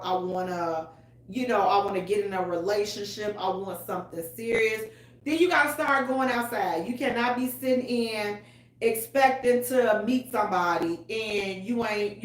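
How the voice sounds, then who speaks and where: A woman hosting a radio talk show, chatting casually and loudly with her listeners. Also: medium pitch. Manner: chatty, loud and animated, with African American Vernacular English. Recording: roomy echo.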